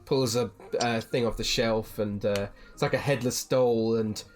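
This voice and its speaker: A woman's voice: a bass voice, steady tone, measured pace, darkish tone, soft background music. A woman running a tabletop game as the game master, describing scenes in a casual, rambling way. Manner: casual, lots of fillers and restarts, laughs while describing. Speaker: dungeon master.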